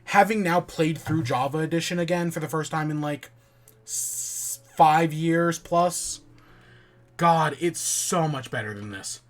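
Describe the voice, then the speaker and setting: A man's voice: a little high, a little slow. Grumbling man chatting while gaming. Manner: grumbling, swearing, frustrated muttering. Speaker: podcast host playing a game while chatting. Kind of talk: casual gaming chat.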